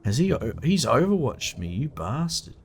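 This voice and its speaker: A man's voice: medium pitch, very animated, normal speed, a little hiss or hum. A young Australian man giving casual, swear-laden commentary while playing a strategy game, talking bluntly to the screen. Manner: swears freely, blunt and chatty, mutters to the game. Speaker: gameplay video host.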